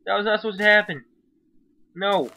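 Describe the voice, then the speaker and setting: A man's voice: high voice, moderate pace, vocal fry. A young man giving casual gameplay commentary, swearing often and yelping when something startles him. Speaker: gaming YouTuber. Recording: loud background noise.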